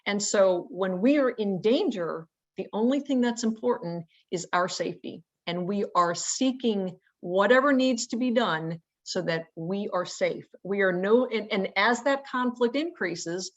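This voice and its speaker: A woman's voice: medium pitch, expressive, a little slow, hardly any pauses. A woman presenting a training webinar, explaining ideas in a conversational way with fillers and rhetorical questions. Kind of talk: instructional webinar talk. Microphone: remote webinar audio.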